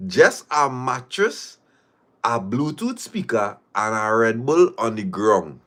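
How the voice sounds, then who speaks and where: A man's voice: medium pitch, big pitch swings, takes it slowly, fairly bright tone. A man hosting a livestream, reading viewer stories aloud and reacting with laughter and repeated phrases. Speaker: livestream host.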